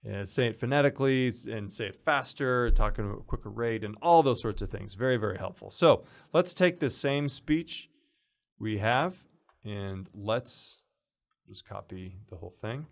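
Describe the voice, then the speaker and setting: A man casually walking through a software tutorial, explaining as he goes with fillers and restarts. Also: fairly low pitch, lively intonation, moderate pace, gravelly. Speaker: instructor. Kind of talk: screen-recorded software tutorial.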